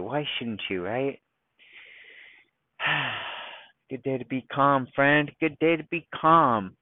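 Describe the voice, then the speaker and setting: A man hosting a casual solo podcast, talking in a rambling, self-mocking way and deliberately slowing into a calm voice. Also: mid-range voice, no echo. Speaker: podcast host. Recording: dry, thin phone-like sound.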